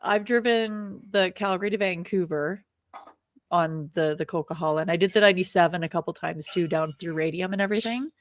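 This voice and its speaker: A woman co-hosting a podcast, chatting casually with short, relaxed reactions and asides. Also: fairly low pitch, brisk. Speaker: podcast co-host. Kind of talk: casual chat.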